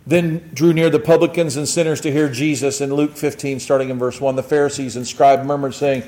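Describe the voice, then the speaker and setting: A man preaching a sermon, reading scripture and acting out scenes with shouts and excitement. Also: mid-range voice, fairly quick, hardly any pauses. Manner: animated, shouts and acts out joyful voices. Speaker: pastor.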